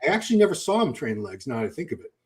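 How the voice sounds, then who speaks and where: A man hosting a podcast, telling gym stories in a relaxed, animated chat. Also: on the high side, racing. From Boston. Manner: storytelling, animated. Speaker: podcast host. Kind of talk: casual chat.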